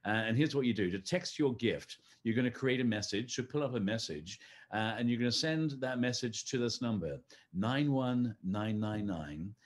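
A man's voice: mid-range voice, expressive, a little fast. A man hosting a live-streamed fundraising gala, friendly and chatty, talking the audience through donations with frequent fillers. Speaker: host.

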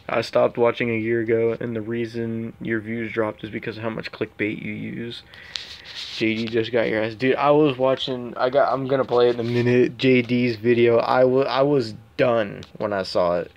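A man's voice: mid-range voice, level tone, normal speed, creaky, muffled recording. A man reading out comments in a casual reaction commentary, laughing often as he reads. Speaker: YouTube commentary host.

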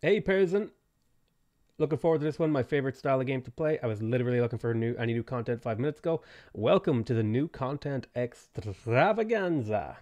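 A man's voice: medium pitch, animated, a little mellow. Guy streaming a game, reading off chat names and saying hi, voice bouncing up and down a lot, loose and chatty. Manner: greets chat viewers by name between game setup remarks; quick offhand answers to viewer questions. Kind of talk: casual live-stream chat.

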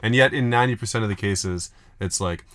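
A man's voice: on the low side, fairly quick, a bit bright. A young man co-hosting a podcast, teasing and riffing with mock dialogue. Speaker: podcast co-host. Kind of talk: casual banter.

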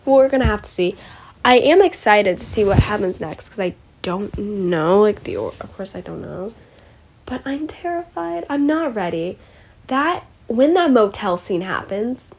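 A young woman hosting a solo podcast, rambling emotionally about a show with many fillers and restarts. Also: medium pitch. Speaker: podcast host. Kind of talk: casual solo podcast recap.

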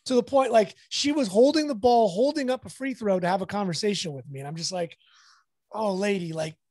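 A man's voice: high-pitched, fast, no echo, studio quality. A sports photographer chatting on a podcast, a man with a Southern Californian accent, telling a story and acting out what others said. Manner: animated, acts out quoted dialogue. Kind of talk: casual storytelling.

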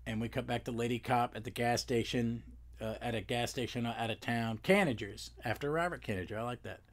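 A man's voice: mid-range voice, fairly quick. A man hosting a podcast, recapping a comic book on his own in a rambling way, full of self-corrections and fillers. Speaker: podcast host.

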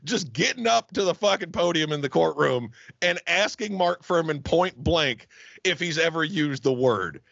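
A man co-hosting a comedy podcast, swearing freely as he tells wild stories. His voice is gravelly and sits a bit high, and it leaps around in pitch. The recording is dry and slightly dull. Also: moderate pace, dry recording. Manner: profane, animated storytelling with sudden loud put-on voices. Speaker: podcast co-host. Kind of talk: crude comedic podcast banter.

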